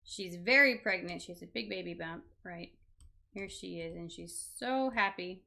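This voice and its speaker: A woman's voice: on the low side, normal speed, vocal fry, pushed and bright. A woman teaching an online language lesson, explaining patiently and checking in with "right?" as she goes.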